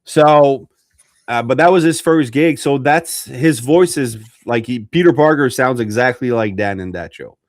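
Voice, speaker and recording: A man's voice: medium pitch, a little slow, dry recording, clean studio sound. A man who is a guest on a podcast, chatting casually in a rambling way with many restarts. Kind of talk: casual chat.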